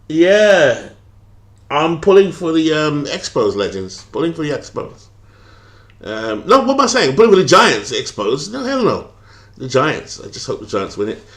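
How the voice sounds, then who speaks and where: A man's voice: on the high side, big pitch swings, moderate pace, a bit bright. Chatty British man streaming a game. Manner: chatty, thinks aloud, reads out viewer comments, many fillers. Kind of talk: casual live-stream commentary.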